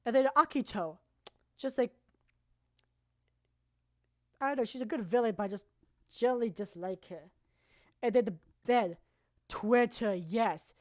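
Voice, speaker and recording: A woman streamer presenting anime awards in casual, rambling, profane commentary that now and then bursts into loud shouting. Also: on the high side, unhurried, long pauses, no room sound, clean studio sound.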